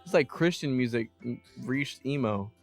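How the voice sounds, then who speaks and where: A man's voice: medium pitch, normal speed, soft background music. A young man co-hosting a college radio show, throwing in joking, slangy remarks. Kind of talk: casual chat. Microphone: studio mic.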